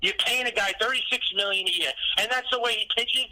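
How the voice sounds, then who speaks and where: A man's voice: very high voice, fairly quick, poor audio. A man ranting and venting in heated sports talk, repeating himself as he complains. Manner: ranting, repetitive, venting loudly. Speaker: podcast co-host.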